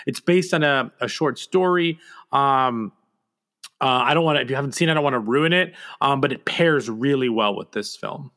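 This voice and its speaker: A man's voice: mid-range voice, moderate pace, fairly bright tone. A man co-hosting a casual podcast, talking in a hesitant, rambling way with many ums and restarts. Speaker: podcast co-host and producer.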